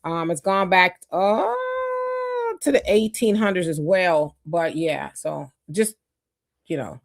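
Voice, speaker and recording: A woman's voice: fairly low pitch, slow pace, creaky. A woman co-hosting a live stream in casual talk, reading viewer comments aloud and greeting people by name. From United States. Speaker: livestream co-host.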